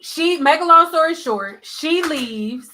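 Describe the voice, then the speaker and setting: A woman hairstylist telling a blunt, animated storytime, acting out the people she quotes. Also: high voice, slow, poor audio. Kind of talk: storytime vlog.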